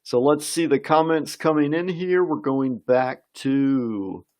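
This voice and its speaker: A man's voice: medium pitch, slow pace, darkish tone. A man teaching an English vocabulary lesson on a live stream, reading viewer comments aloud and encouraging them.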